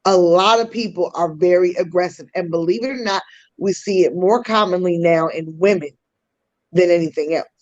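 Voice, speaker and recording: A woman's voice: fairly low pitch, normal speed, a little mellow, highs cut off. Woman host explaining in a teaching tone. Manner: teaching tone with casual slang asides. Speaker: podcast host. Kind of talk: explaining communication styles on a podcast.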